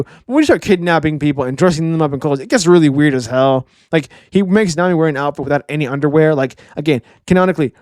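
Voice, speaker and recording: A man reviewing a manga chapter in a rambling, profane, excitable casual chat. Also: a little high, no room sound, clean studio sound.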